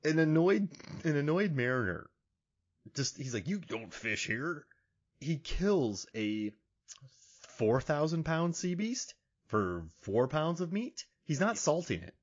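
Male podcast host, comic retellings, very lively delivery, slightly husky. Dull lo-fi audio. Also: fairly high pitch, slow. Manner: animated, laughing retelling. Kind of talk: casual comedic chat.

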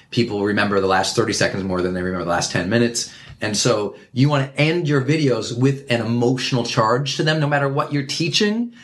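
A man speaking as an interview guest, his voice sitting at an ordinary middle pitch. He talks emphatically and with animation, laying out advice and counting off his points one by one. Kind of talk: energetic conversational advice.

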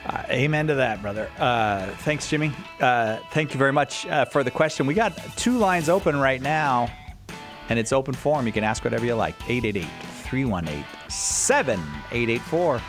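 A man hosting a call-in radio show, friendly and full of small hesitations, slowing down when he reads out numbers. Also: mid-range voice, animated, fairly bright tone, soft background music. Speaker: radio host.

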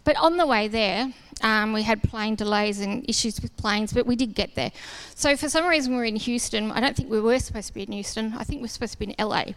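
A woman's voice: on the high side, fast, few pauses, clear, resonant tone. A woman giving a sermon testimony, a casual, self-deprecating storyteller who acts out the dialogue. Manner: lively storyteller acting out dialogue. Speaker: church speaker.

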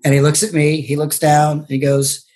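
Husky-voiced male guest, casual storyteller who stumbles through ums and restarts. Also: on the high side, monotone, moderate pace, a little mellow. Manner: hesitant, many ums and restarts. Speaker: podcast guest, bartender and local political candidate.

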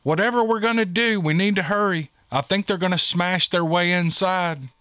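A man's voice: fairly high pitch, big pitch swings, a little slow, fairly bright tone, dry recording, studio quality, pitched above the performer's own voice. A man voicing an urgent young woman soldier calling out warnings in an audiobook.

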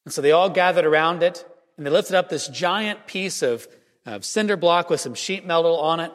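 A man giving a Christmas homily as a priest, telling a story earnestly with measured pauses in a church. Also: fairly high pitch. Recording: reverberant church hall.

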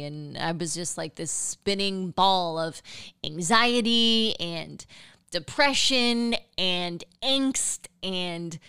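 Young woman podcast host, low-ish smooth voice, chatty likes and ums, dry close mic. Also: a bit bright, no echo. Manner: chatty and upbeat, filler-heavy, with valley-girl cadence. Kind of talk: casual solo podcast monologue.

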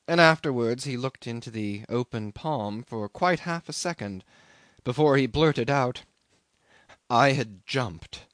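A man narrates a classic novel in a measured, expressive reading. His pitch moves widely over each phrase. The recording is dry and close, with no room sound. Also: no echo. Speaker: audiobook reader. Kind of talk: scripted narration.

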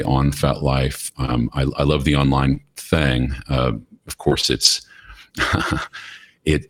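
Middle-aged American man, extremely low voice, candid chatty storytelling, podcast guest. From United States. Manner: candid, chatty, acts out quoted dialogue. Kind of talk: casual interview storytelling.

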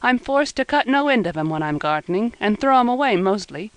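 A woman's voice: medium pitch, animated, fairly quick, dry recording, natural voice. A woman reading the part of an earnest, friendly young male gardener who is eager to help. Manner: earnest and obliging.

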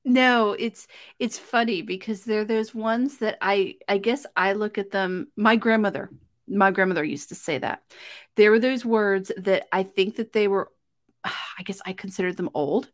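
A woman hosting a podcast, chatty and quick to laugh, who backs up her guest with frequent murmured agreement. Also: medium pitch. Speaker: podcast host. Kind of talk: casual chat.

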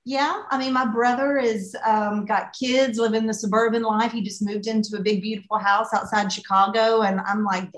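A woman's voice: medium pitch, little pitch movement, normal speed, few pauses. A middle-aged woman from the American South with a Southern accent, telling stories as an interview guest. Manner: chatty storyteller, laughs easily. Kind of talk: casual interview chat. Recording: roomy echo.

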